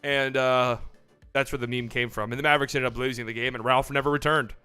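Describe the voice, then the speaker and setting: A man hosting a casual livestream, talking excitably and swearing freely as he acts out mock phone calls. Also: medium pitch, quick pace, smooth, faint music behind. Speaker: livestream host.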